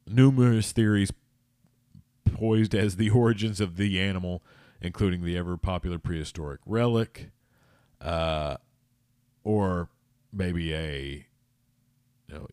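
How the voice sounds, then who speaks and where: Podcast host, male, very low voice, dry close sound; loose, joking, stumbling monologue. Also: gravelly, a little mellow, dry recording. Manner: rambling, jokey, trips over words. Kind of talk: casual rambling monologue.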